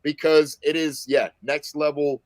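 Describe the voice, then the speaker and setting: A man's voice: fairly high pitch, flat delivery, measured pace, no echo. Male podcast co-host, casual chat, rambling and profane, dry studio sound. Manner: rambling storyteller, swears freely.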